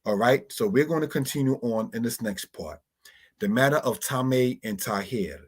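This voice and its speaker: A man teaching Hebrew words from slides, slowly spelling out terms and often calling his listeners brothers and sisters. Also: medium pitch, animated, husky. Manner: slow, deliberate spelling-out of words.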